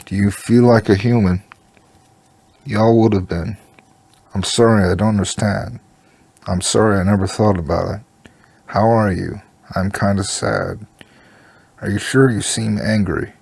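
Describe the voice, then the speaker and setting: A man's voice: on the low side, fairly even intonation, measured pace, vocal fry, long pauses, a little mellow, slightly rough, dry recording. A man reading a story aloud, giving every part in his own plain voice. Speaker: story reader.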